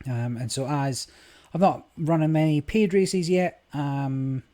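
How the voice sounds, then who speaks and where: A man's voice: on the high side, slow pace, mellow. A man giving casual, rambling commentary on his screen recording, with many fillers. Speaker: gaming vlogger. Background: game music.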